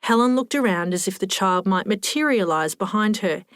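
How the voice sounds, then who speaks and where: A woman's voice: medium pitch, animated, normal speed, dry recording, studio quality. Woman reading a wry story aloud. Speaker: audiobook narrator. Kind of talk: scripted narration.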